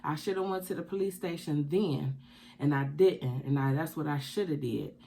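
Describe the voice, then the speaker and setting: A woman's voice: sits low, normal speed, gravelly, dark tone, slight background noise. A woman vlogging tearfully, speaking with emphatic, preaching repetition. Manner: emphatic, repeats points like preaching. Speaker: keto mukbang vlogger. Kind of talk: emotional personal vlog confession.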